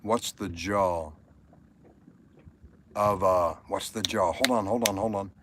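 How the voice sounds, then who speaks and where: A man's voice: low-pitched, slow pace, fairly bright tone, slight background noise. A man hosting a casual livestream, rambling between topics and talking to viewers by name. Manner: rambling, reads viewer comments aloud. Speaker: livestream host. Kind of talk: casual chat.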